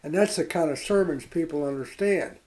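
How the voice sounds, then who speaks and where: An older man telling reflective personal stories in a rambling, halting way, with many fillers and restarts. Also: a little high, darkish tone, low-quality recording. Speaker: interviewee. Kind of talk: reflective storytelling.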